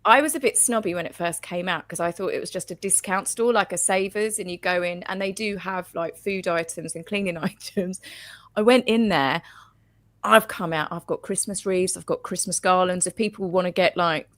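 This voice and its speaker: A woman's voice: medium pitch, a bit bright, no room sound. A woman hosting a casual chat over a video call from her home office, talking freely and laughing often. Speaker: show host.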